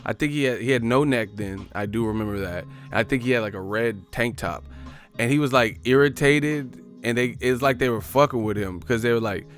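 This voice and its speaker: Profane, animated man hosting a live stream. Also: mid-range voice, a little fast, soft background music. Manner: profane, riffing, animated storyteller. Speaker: host of a live boxing talk stream. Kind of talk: casual live commentary.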